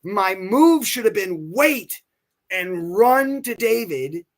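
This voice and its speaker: Animated storytelling man, slightly high voice. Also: slow pace. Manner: animated, acts out quoted people, many restarts. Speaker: podcast guest, actor. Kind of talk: casual anecdotal storytelling.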